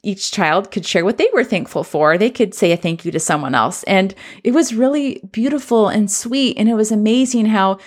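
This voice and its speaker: A woman's voice: mid-range voice, moderate pace, few pauses. A woman, a former teacher now working as a coach, telling a personal story in an earnest, reflective way. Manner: earnest, reflective, re-enacts children's voices.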